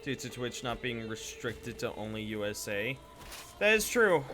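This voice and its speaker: Lively man streaming a game. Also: mid-range voice, measured pace, noisy background. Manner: rambling, swears freely, chats with viewers. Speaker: Twitch streamer. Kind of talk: casual live gameplay commentary.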